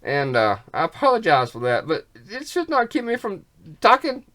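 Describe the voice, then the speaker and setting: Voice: medium pitch, huge pitch swings, moderate pace, a bit bright. A vlogger in a rambling monologue who repeats words, breaks into rhyming wordplay and folksy slang, and sounds snotty with a cough.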